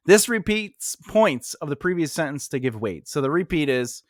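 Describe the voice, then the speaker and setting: A man's voice: on the high side, very animated, normal speed, hardly any pauses, no room sound, clean studio sound. A man teaching writing in a loose, rambling style, talking casually with fillers and restarts. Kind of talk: casual instructional talk.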